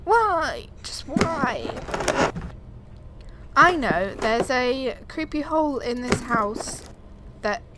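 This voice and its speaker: A young woman plays a horror game, her fairly high voice coming slow and drawn out as she mutters to herself and yelps in fright. She talks into a desk USB mic at home, with steady noise hissing behind her. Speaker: gaming YouTuber. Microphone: desk USB microphone.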